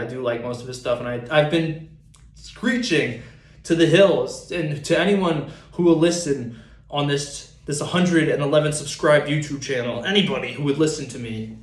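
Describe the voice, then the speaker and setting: A man's voice: mid-range voice, roomy sound. A young man talking casually to camera as a small YouTuber, playful and rambling, making mock demands. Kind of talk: casual comedic rant to camera.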